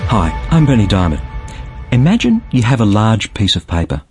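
A man's voice: fairly low pitch, huge pitch swings, moderate pace, music in the background. A man giving a short scripted radio devotional, telling it like a story and building to each point with rising emphasis.

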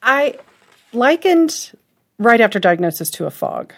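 A woman's voice: on the high side, sing-song, unhurried. A middle-aged woman, a podcast co-host and author, talking candidly and with emotion about faith and doubt as a guest. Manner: earnest, emotional storytelling.

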